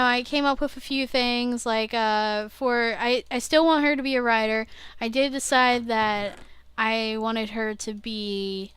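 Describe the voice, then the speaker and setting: Brief: young woman, slow unhurried talker, smooth clear voice, self-interrupting video-diary chatter. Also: on the high side, a bit bright. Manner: rambling, self-interrupting, laughs at herself, swears casually. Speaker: vlogger. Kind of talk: casual rambling video diary.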